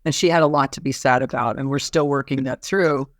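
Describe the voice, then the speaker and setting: A woman psychiatrist tells a patient's story in an easy conversational way. She restarts her sentences often and breaks into soft laughs now and then. The recording is close and dry, with no room sound. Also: a bass voice, steady tone, a little fast, dry recording. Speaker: psychiatrist guest.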